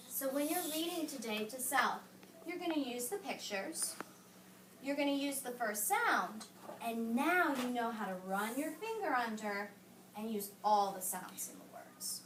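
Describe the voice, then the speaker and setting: High-voiced teacher, roomy classroom recording. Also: female voice, slight background noise. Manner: patient, coaching, hushes the children often. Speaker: elementary school teacher. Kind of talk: reading a picture book aloud and modeling strategies. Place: classroom with young children. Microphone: camera some distance away. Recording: roomy classroom sound, distant mic.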